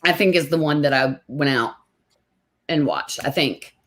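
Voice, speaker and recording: A woman's voice: deep voice, a little slow. A middle-aged woman hosting a casual interview, telling stories chattily and acting out other people's lines with animation. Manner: chatty storyteller, animated when quoting others. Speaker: host.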